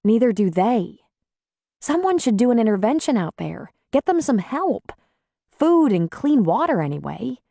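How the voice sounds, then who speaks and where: A woman's voice: on the high side, big pitch swings, measured pace, creaky, warm tone, pitched above the performer's own voice, exaggerated voice. Mel, a woman reading an earnest city nurse. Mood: troubled. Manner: earnest, troubled.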